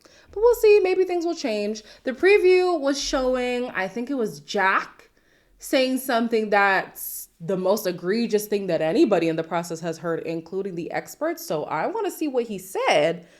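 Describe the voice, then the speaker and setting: A woman with a mid-range voice chats through a reality TV recap. She sounds incredulous and sassy, with quick asides. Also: mid-range voice, lively intonation. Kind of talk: casual recap commentary.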